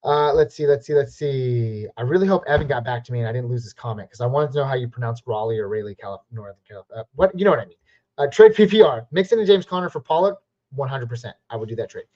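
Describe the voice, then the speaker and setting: A man from the West Coast hosting a live Q&A stream, chatty and upbeat, giving quick verdicts on viewer questions. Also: mid-range voice, lively intonation, darkish tone. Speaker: fantasy football live stream host. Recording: slightly muffled lo-fi stream audio.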